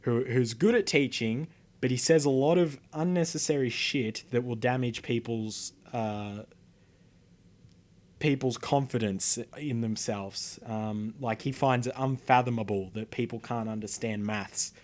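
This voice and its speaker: A man's voice: mid-range voice, a little slow. A teenage boy with an Australian accent, telling a rambling, indignant story to camera with many fillers and swearing. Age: teens. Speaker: vlogger.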